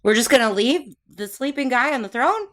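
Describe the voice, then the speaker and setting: A woman playing in a tabletop game, chatting in an animated, giggly way and exclaiming at the scene. She talks casually and reacts quickly to what happens. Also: sits high. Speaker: player.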